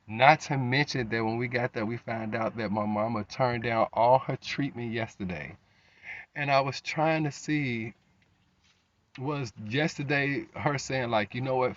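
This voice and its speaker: A man's voice: medium pitch, unhurried, fairly bright tone. A man telling an emotional personal story in a rambling way, with frequent restarts and slang. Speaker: vlogger. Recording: slightly dull lo-fi recording.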